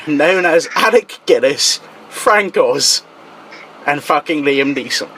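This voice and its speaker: Slow-talking, jokey male talk show host. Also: on the high side, animated, background noise. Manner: jokey, swears freely, laughs often. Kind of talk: casual chat.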